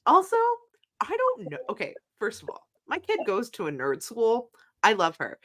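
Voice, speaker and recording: A woman in her thirties chats on a podcast in an animated, storytelling way. Her voice sits at a middle pitch but swings widely up and down as she goes. She tends to laugh through her stories. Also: moderate pace, a little hiss or hum. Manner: animated, laughing storyteller who jumps between high and low pitch. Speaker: podcast co-host. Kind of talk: casual chat.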